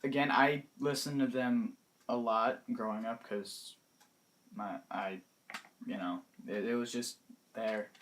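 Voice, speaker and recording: A young man in his late teens casually talking through his favorite music in a vlog, hesitant and pausing often, his words trailing off softly. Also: mid-range voice, steady tone. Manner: hesitant, many pauses and restarts, trailing off softly. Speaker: vlogger.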